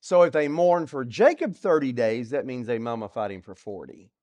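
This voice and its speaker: Lively-voiced man preaching a sermon. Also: mid-range voice, normal speed. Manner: expository Bible teaching, rhetorical questions, dynamic loudness swings.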